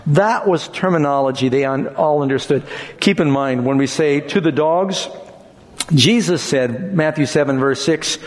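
A man preaching a sermon, expressive, acting out quoted lines in changing tones. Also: a little high, measured pace. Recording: long hall reverb.

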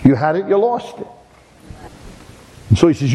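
A man's voice: fairly high pitch, lively intonation, fairly quick, long pauses, dark tone. A man preaching a sermon as a folksy story, often repeating "and, and" as he tells it. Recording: long hall reverb.

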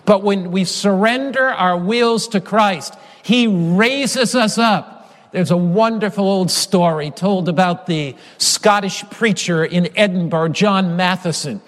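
High-voiced male preacher in a reverberant hall. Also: slow. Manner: emphatic, repetitive preaching cadence. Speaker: pastor. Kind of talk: sermon.

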